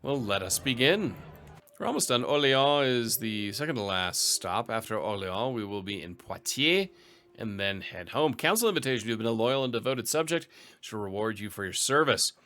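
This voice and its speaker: Bright-voiced man narrating gameplay. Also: mid-range voice, expressive, moderate pace. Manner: dry, wry asides, reads event text aloud. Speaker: let's play host. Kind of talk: gameplay commentary reading event text.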